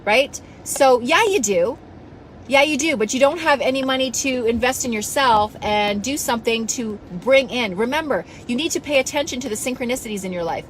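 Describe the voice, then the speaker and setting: A woman's voice: fairly high pitch, moderate pace, slight background noise, poor audio. A woman coach giving a passionate, blunt motivational talk to her followers, scolding them now and then and swearing casually. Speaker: self-help coach.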